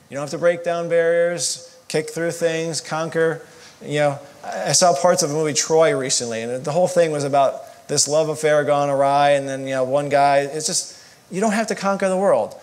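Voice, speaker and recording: A man's voice: a little high, normal speed. A man co-teaching a church marriage class in a casual, joking way with self-deprecating asides. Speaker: marriage counselor.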